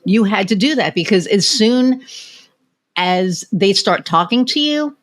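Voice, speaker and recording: A woman's voice: mid-range voice, lively intonation, a little slow. An American woman hosting a podcast, telling personal stories in casual interview chat and swearing freely. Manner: candid storyteller who swears freely. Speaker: podcast host.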